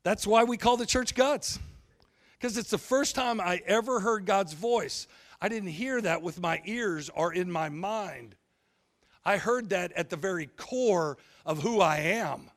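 Male pastor, high pitched, blunt and folksy, jokey storytelling sermon that acts out other people's voices. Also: a bit bright. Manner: humorous storytelling, acting out quoted voices.

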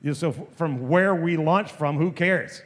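Halting storytelling pastor, echoey hall. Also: male voice, fairly high pitch. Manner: halting, full of repeated restarts. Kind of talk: sermon storytelling. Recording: long reverb of a large hall.

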